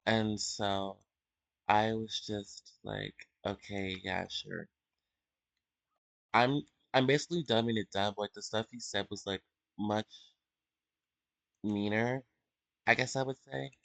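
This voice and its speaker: A teenage young man giving an unscripted personal confession at home, emotional and halting, with many fillers and restarts. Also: fairly low pitch, vocal fry, no room sound. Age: teens. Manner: emotional, soft-spoken. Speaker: vlogger.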